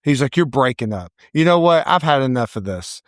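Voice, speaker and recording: A middle-aged man, a salon owner and podcast co-host, telling a story in casual chat, animated and acting out quoted voices. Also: mid-range voice, brisk, no echo, studio quality.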